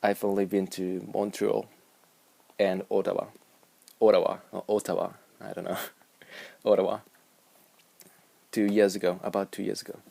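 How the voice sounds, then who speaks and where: A man's voice: fairly low pitch, little pitch movement, moderate pace, gravelly, long pauses, dark tone, no room sound. A young man with a Japanese accent, rambling and musing aloud in a casual vlog. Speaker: vlogger.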